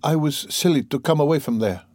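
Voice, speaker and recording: An anxious, fretful young woman, as a male audiobook reader puts her on, her voice lifted well above his own. She speaks softly and pleadingly. The sound is close and dry. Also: a little high, fairly quick, no echo, pitched above the performer's own voice, lightly acted. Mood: distressed.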